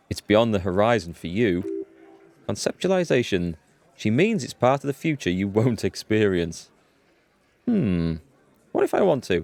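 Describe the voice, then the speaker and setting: Lively low-voiced man narrating gameplay. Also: gravelly. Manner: chatty, thinks aloud, chuckles at the text. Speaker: let's play host. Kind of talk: casual gameplay commentary reading game dialogue aloud.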